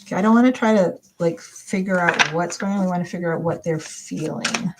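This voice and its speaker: A woman's voice: on the low side, fairly quick, very noisy. A woman doing a live tarot reading, talking in a rambling, hesitant way full of fillers and restarts. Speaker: tarot reader.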